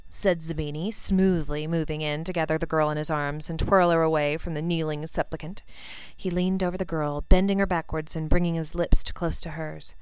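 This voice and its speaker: A woman reads a story aloud at an even, unhurried pace. Her voice is lowish and very smooth, recorded close and dry. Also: dry recording. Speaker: reader. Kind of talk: fan fiction audiobook reading.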